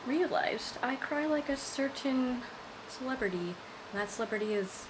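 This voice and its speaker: A woman's voice: sits high, animated, moderate pace, very noisy. A tired woman chatting casually to her viewers at home, rambling and playful as she goes. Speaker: vlogger. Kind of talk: casual vlog chat.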